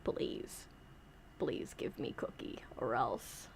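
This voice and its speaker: A woman voicing a small male creature in whispered role-play, with a low breathy whisper and broken, childlike grammar. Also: slow pace, slight background noise, close to an everyday voice. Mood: whispered demands. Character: small male creature, greedy cookie-craving.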